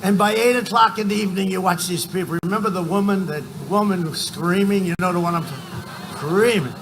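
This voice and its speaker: A man in his seventies giving a boastful, rambling rally speech, often shouting numbers to the crowd. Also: high voice, fairly quick, background noise. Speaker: political speaker at a campaign rally. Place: large outdoor rally.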